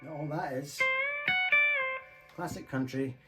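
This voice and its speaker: Guy rambling through a guitar lesson on his phone, loud guitar and drum loop going behind him. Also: fairly high pitch, takes it slowly, low-quality recording. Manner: chatty, thinking aloud, self-deprecating. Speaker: guitar teacher. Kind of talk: casual guitar lesson talk. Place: home room, guitar played between phrases. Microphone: phone mic.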